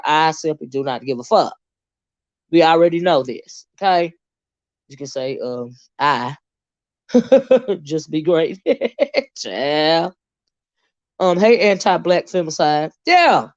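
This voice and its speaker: A woman hosting a live stream, ranting at her viewers in a heated, profane way, flaring into loud outbursts and dropping to low muttered asides. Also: expressive, a little slow, long pauses, dry recording, highs cut off.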